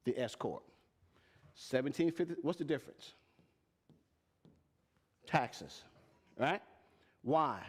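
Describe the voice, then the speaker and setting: A man teaching tax and payroll to a live audience, plain-spoken and emphatic, often asking them questions. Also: a little high. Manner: asks the audience repeated questions. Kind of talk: live-streamed teaching talk.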